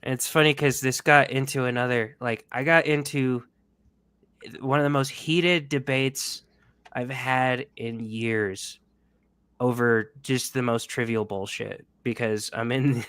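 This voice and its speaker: A man co-hosting a casual podcast chat, relaxed and quick to laugh, swearing casually. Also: mid-range voice, clean tone. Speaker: podcast co-host.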